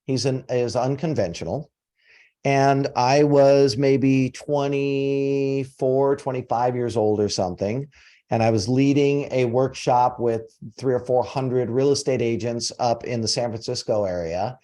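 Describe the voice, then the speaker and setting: A man in his forties hosting a casual group coaching call, telling stories with animated energy. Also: mid-range voice, measured pace. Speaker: host and coach.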